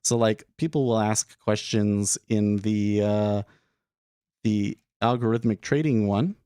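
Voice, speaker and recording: A man's voice: lowish voice, takes it slowly, dark tone, clear, resonant tone, no room sound, studio quality. A young man casually talking through his trading day on a live stream, thinking aloud with frequent restarts and filler words.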